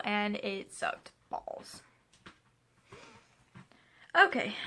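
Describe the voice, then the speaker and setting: A woman's voice: mid-range voice, bright, forceful tone. A woman of twenty chatting casually at home, answering tag questions in a rambling, talkative way with frequent asides. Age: 20s. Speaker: vlogger. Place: home room with a pet playing.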